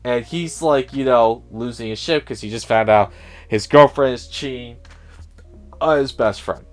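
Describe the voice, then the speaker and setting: A man's voice: medium pitch, unhurried, soft background music. A man giving a casual spoiler review of a film, sarcastic and profane, often mimicking the characters in a raised voice.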